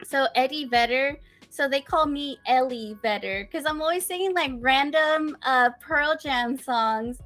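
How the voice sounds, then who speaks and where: A woman's voice: high-pitched, unhurried, hardly any pauses, a bit bright, faint music behind. A young woman streamer chatting as a guest, bubbly and giggly. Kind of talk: casual interview chat.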